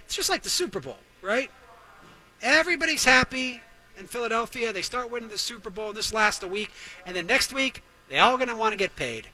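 Sarcastic male host, high voice with a very bright edge, comic rant. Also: brisk, rough recording. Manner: sarcastic, riffing, exaggerating for laughs. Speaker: radio show host. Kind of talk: comedic talk-show rant.

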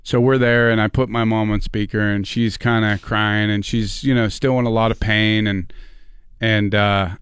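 A man's voice: on the low side, normal speed, clear, resonant tone, no echo, studio quality. A middle-aged man and podcast co-host, telling family stories in casual chat and acting out his relatives' lines. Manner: animated, acts out family members in quotes.

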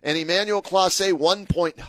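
A man's voice: high-pitched, fairly even intonation, a little slow, a bit bright, no room sound. A man co-hosting a sports radio show, chatting loosely about the team's payroll. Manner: chatty, loose, laughing asides. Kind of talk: casual sports talk radio banter.

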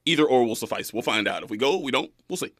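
A man in his twenties hosting a talk radio show, animated and folksy, laughing often. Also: mid-range voice, fast, no echo, studio quality. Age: 20s.

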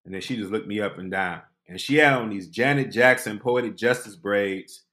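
A man hosting a podcast, telling a comic personal story with animated delivery, acting out voices. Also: on the low side, normal speed. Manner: animated, acts out voices and quotes. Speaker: podcast host.

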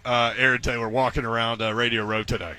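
A man's voice: medium pitch, little pitch movement, quick pace, bright, forceful tone. A man hosting a sports talk radio show, asking questions in an easygoing way. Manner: easygoing interviewer, brief reactions.

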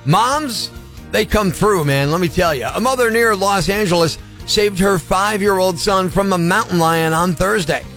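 A man's voice: sits high, normal speed, a bit bright, faint music behind. A man hosting a morning radio show, telling a story in a brash, punchy, boastful way. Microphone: studio microphone.

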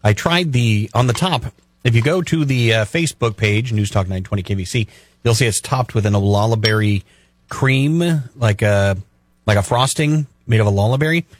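A man's voice: mid-range voice, normal speed. A man on a radio show describing a dessert in casual, enthusiastic detail. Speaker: radio traffic and weather reporter.

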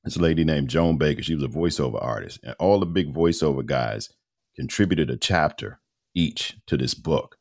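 Very deep-voiced man in his fifties. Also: normal speed, creaky. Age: 50s. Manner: animated storyteller with colloquial phrasing. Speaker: radio host and voice-over artist, podcast guest. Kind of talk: casual interview storytelling.

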